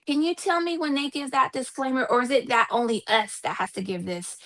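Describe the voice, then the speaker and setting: A woman's voice: sits high, a little fast, hardly any pauses, fairly bright tone. A woman on a casual podcast, pushing back in a pointed way with repeated questions.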